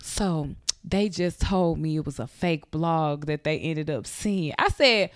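A woman's voice: deep voice, unhurried, no room sound, studio quality. A young woman hosting a podcast, telling a story in casual chat and acting out the voices of the people in it. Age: young adult. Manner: animated, acts out quoted voices, laughs often. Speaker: podcast host. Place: Atlanta.

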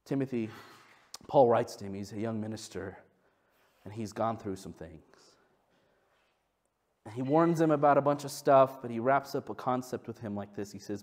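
Man, pastor, sermon, animated storytelling, lively acted quotes, softer for scripture. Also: normal speed, pauses often. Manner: animated storytelling, acts out quotes with big pitch jumps; drops to soft, low delivery when reading scripture.

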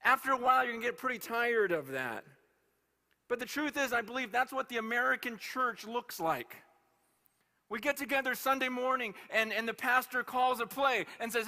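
Bright-voiced man giving a lively sermon. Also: very high voice, moderate pace. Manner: animated, conversational storytelling with humor. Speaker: pastor. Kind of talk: conference sermon. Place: live conference hall.

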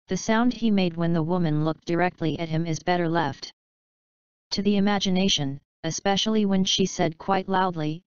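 Woman audiobook narrator, very clear and low-ish, dull lo-fi, dry sound. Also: normal speed, no room sound. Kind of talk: scripted narration.

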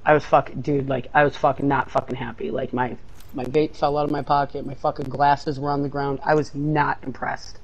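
A man's voice: medium pitch, flat delivery, a little fast, dull audio. A man chatting casually while playing a game, swearing constantly and telling a long rambling story. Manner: swears constantly, loud outbursts when losing. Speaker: co-player. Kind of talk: casual gaming chat.

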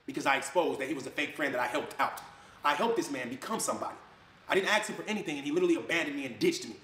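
A man ranting to camera in a fired-up way, swinging between loud jabs and low mutters. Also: lively intonation, racing, slight background noise. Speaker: online video creator. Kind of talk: heated rant to camera. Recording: echoey room.

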